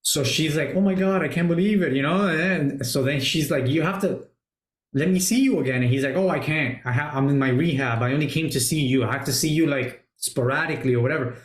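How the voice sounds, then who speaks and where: A man hosting a casual movie review chat, retelling scenes excitedly and swearing a lot. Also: on the high side, brisk. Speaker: podcast host. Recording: roomy echo.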